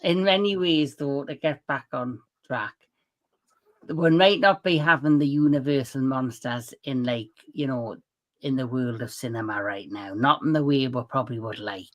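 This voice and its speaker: A man's voice: medium pitch, normal speed, a bit bright. A Geordie man hosts a casual live panel, chatty and blunt, telling stories at length in an easy, conversational way. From Newcastle, England. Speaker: livestream host.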